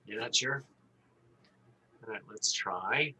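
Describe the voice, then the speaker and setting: A man teaching an online class, telling an animated story and acting out the voices as he explains. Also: on the low side, takes it slowly, slight background noise, poor audio. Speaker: instructor.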